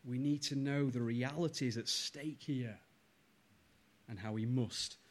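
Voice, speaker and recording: A male pastor delivers a sermon in a medium-pitched voice, speaking in slow, emphatic phrases. He often puts rhetorical questions to the congregation.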